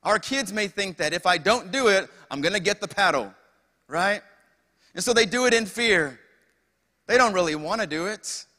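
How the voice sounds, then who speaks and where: A man's voice: high voice, animated, normal speed, bright, forceful tone, in a large hall. A young man preaching a sermon as pastor, calling out to the congregation with asides and rhetorical questions. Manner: preaching with call-outs to the congregation.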